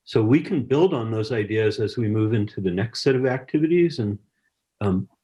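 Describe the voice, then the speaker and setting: A man's voice: on the low side, lively intonation, normal speed, warm tone. Encouraging male science teacher on a video call. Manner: encouraging, chatty, reads chat messages aloud. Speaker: science educator leading an online workshop.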